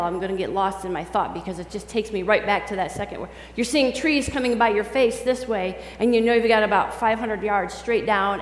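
A woman reading scripture and then giving a conversational sermon in a church, chatting with the congregation and asking them questions. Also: mid-range voice. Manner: chatty, quizzes the congregation directly. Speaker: preacher. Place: large church sanctuary. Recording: echoey hall with faint hum.

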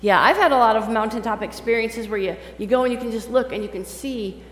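A woman's voice: on the high side, quick pace. A woman reading scripture and then giving a conversational sermon in a church, chatting with the congregation and asking them questions. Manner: chatty, quizzes the congregation directly. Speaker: preacher. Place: large church sanctuary. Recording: echoey hall with faint hum.

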